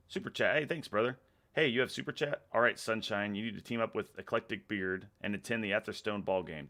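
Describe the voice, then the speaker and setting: The livestream host, a Texan man with a fairly low-pitched, fairly bright voice, reads viewers' comments out loud. He's laid-back, chuckling and drinking beer throughout.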